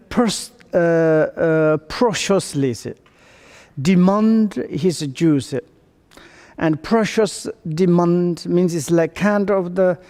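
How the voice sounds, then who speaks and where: A man giving a Buddhist teaching in halting non-native English, with many fillers and restarts, acting out family quarrels in quoted voices. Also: high voice, mellow, long reverb tail. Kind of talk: dharma teaching seminar.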